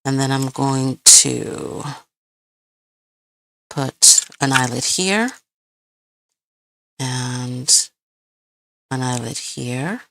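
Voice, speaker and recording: Lady crafter rambling through a live tutorial, low unhurried voice, dry close sound. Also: creaky, fairly bright tone, no echo. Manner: chatty, rambling, hunts for words, laughs often. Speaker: crafting channel host.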